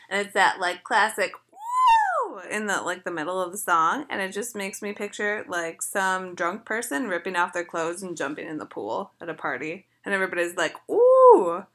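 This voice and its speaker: Bright-voiced woman vlogging, gushy and chatty, says like a lot. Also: on the low side, slight background noise. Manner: gushing, chatty, peppered with "like". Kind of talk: casual chat.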